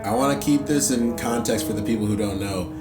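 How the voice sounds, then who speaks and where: A man's voice: mid-range voice, brisk. A man hosting an anime reaction, chatting casually and rambling with lots of fillers. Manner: loose, rambling, heavy on fillers like "like" and "you know". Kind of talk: casual commentary while watching. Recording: roomy echo with loud soundtrack music behind.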